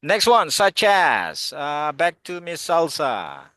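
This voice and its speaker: A man leads an online English class and cheerfully quizzes students one by one. His voice is bright and lively, with lots of rise and fall. The sound is close and dry. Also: fairly high pitch, slow, no room sound. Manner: encouraging, quizzes students by name. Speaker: English teacher.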